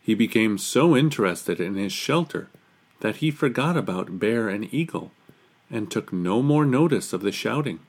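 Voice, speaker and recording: A man reading a children's picture book aloud in an unhurried, expressive storytelling manner. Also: on the low side, breathy edge.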